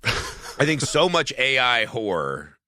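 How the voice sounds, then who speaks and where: A man's voice: medium pitch, very animated, takes it slowly, sharp tone, no room sound, clean studio sound. A man co-hosting a podcast, talking casually and profanely about a film, rambling with lots of "like". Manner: rambling, profane, heavy use of "like". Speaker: podcast co-host.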